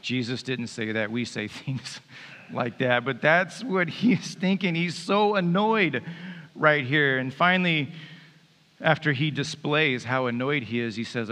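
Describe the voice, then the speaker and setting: A man's voice: mid-range voice, measured pace, pushed and bright. A man preaching a sermon, reading scripture and then talking it through in a conversational, joking way. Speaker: pastor. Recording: reverberant hall.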